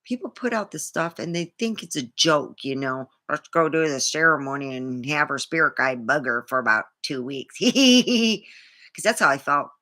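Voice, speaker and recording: A woman's voice: low voice, very animated, moderate pace, hardly any pauses, sharp tone. A woman vlogger talking in a rambling, indignant way, swearing freely as she tells a personal story. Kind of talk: casual monologue to camera.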